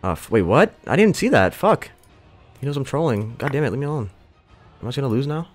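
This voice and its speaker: A man's voice: mid-range voice, animated, very fast, faint music behind. A young man giving casual gameplay commentary, frustrated and self-mocking, swearing and breaking into jumpy outbursts. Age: young adult. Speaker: gaming YouTuber.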